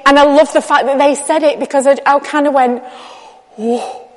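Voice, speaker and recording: A woman preaching in a chatty, candid way, acting out dialogue as she goes. Her voice sits fairly high and rings out with the long reverb of a large hall. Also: steady tone, fast talker. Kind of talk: conversational sermon.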